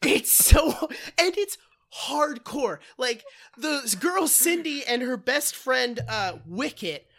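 A man co-hosting a podcast, excitedly retelling a story in casual, swearing, laughing chat. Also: extremely high pitch, takes it slowly, creaky. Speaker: podcast co-host.

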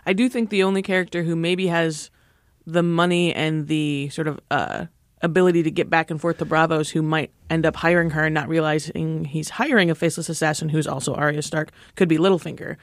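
A man on a discussion panel, thoughtful and quick to joke. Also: on the high side, steady tone, no echo, clean studio sound. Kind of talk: casual TV discussion.

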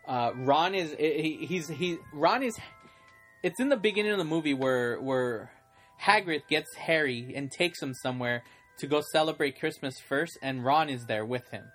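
A man's voice: on the high side, lively intonation, normal speed, a bit bright, soft background music. Chatty podcast host, a man. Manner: chatty, rambling, laughs often. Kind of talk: casual podcast chat.

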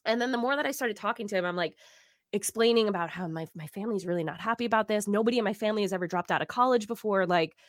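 Woman guest, animated storyteller who acts out every exchange; mid pitch, dry close recording. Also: racing, dry recording. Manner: animated, acts out dialogue, many "like"s. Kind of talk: casual storytelling in conversation.

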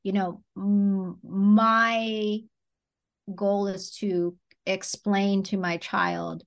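Candid woman with a gravelly voice. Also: medium pitch, level tone, drawn-out words. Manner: candid, reflective, trailing off softly. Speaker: podcast co-host. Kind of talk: casual chat.

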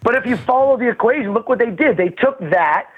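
A man's voice: extremely high pitch, lively intonation, a little fast, breathy edge, narrow, tinny audio. A man talking as a guest comedian in a casual chat, riffing and laughing often.

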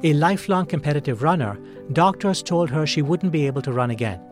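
A male podcast host giving measured, scripted narration. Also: on the high side, expressive, soft background music.

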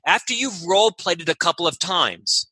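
Emphatic male guest with a sharp, husky voice, a touch high, dry close sound. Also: lively intonation, moderate pace, no echo. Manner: emphatic, keeps checking in with "right?". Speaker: leadership guest. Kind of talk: advice in a podcast interview.

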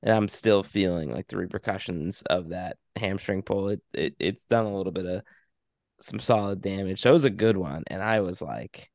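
A man's voice: low voice, moderate pace, gravelly, darkish tone, no echo, clean studio sound. A man in casual chat, rambling through a self-deprecating story about himself.

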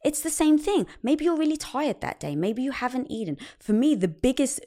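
A woman in conversation, telling a personal story with lively delivery and acting out the quoted dialogue. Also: high voice, moderate pace. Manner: animated storyteller who acts out quoted dialogue. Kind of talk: casual conversation.

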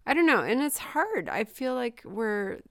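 A woman's voice: on the high side, very animated, measured pace, a bit bright, no echo, studio quality. A woman in her forties, a mother from Southern California, telling a personal story in a candid, emotional way with many fillers in a casual chat.

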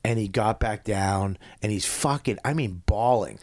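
A man's voice: lowish voice, expressive, moderate pace, few pauses, darkish tone. A man in casual chat, talking bluntly and swearing freely. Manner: blunt, profane, emphatic.

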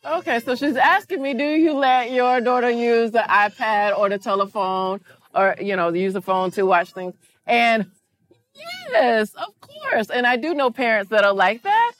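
A woman chatting as a guest before a live crowd, her voice sitting fairly high. She is playful and exuberant, throwing out loud greetings and jokes between answers. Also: lively intonation, normal speed, dry recording. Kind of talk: lively interview chat. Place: event space before a live audience.

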